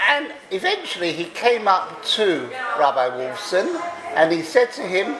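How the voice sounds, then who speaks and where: A man telling a story to a gathering, animated and drawn out, laughing now and then. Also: sits high, a little slow, reverberant, a crowd in the background, low-quality recording. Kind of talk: storytelling talk.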